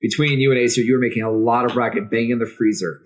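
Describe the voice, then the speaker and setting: A man narrating a tabletop role-playing game as game master, in a measured, descriptive way. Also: mid-range voice, fairly even intonation, low-quality recording.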